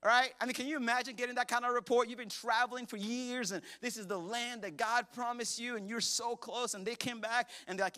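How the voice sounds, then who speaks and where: A man preaching a sermon as pastor to a church congregation, animated and jokey, acting out voices as he tells the story. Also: very high voice, quick pace, few pauses.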